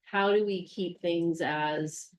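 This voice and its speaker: Woman staffer in a meeting, lowish voice. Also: steady tone, slow pace. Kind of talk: casual meeting discussion. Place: meeting room.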